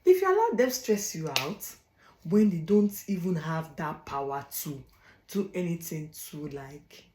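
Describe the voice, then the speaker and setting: Fairly low-pitched, animated, a little slow and a little mellow, this young African woman vlogs blunt advice in a relaxed monologue. She is emphatic, repeats phrases for stress and laughs between points, and the poor audio is reverberant.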